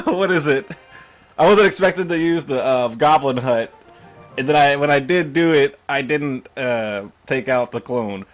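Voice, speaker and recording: A man giving live gameplay commentary, excitable and panicky, quick to laugh and curse. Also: mid-range voice, soft background music. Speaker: gaming YouTuber.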